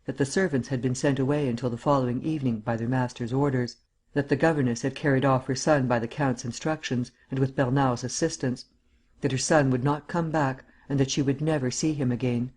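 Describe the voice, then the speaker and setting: A male audiobook narrator who reads a classic adventure novel in a steady, measured way. He has a middle-pitched voice and lifts the characters' lines into small acted moments. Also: breathy edge. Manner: measured storytelling, acting out the dialogue.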